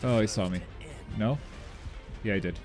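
A man commentating his own online game as he plays, talking to himself, muttering asides and then yelping loudly when things go wrong. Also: fairly low pitch, normal speed, soft background music. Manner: excitable, swings from mumbled asides to loud yelps. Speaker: gaming YouTuber. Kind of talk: live gameplay commentary.

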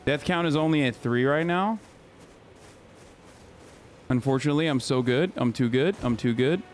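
A man's voice: medium pitch, moderate pace. A man in his thirties, brashly trash-talking and swearing while streaming a game, yelping when he dies. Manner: yelps and shouts when dying. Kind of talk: live gameplay commentary. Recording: game music playing behind the voice.

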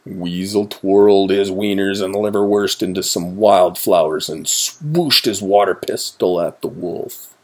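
Slow, husky man reading a story. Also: low voice. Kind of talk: children's story read-aloud.

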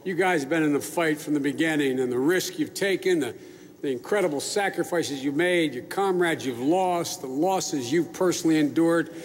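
Older man, public speech to troops, folksy and rambling, slightly high voice, echoey hall. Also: moderate pace. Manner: folksy, rambling with asides and restarts. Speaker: speaker addressing troops. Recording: echoey large hall with faint noise.

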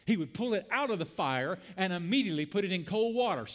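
Speaking fast with few pauses, a male pastor with a high, expressive voice preaches to his congregation in a church sanctuary. He calls out lines for them to repeat and climbs toward emphatic peaks.

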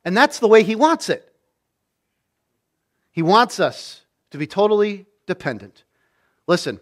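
A man's voice: high-pitched, big pitch swings, a little slow, long pauses. A man, a pastor, preaching a sermon with emphatic delivery, repeating key phrases and acting out quoted lines.

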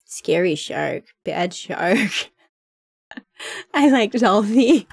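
A woman's voice: medium pitch, expressive, very slow, creaky, breathy edge, no echo, clean studio sound. A young woman streaming a game, commenting casually and playfully, often giggling.

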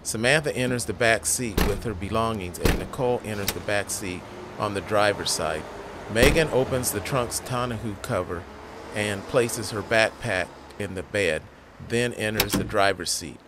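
A man narrating a story aloud as an audiobook reader, with steady, measured delivery. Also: on the low side, heavy background noise.

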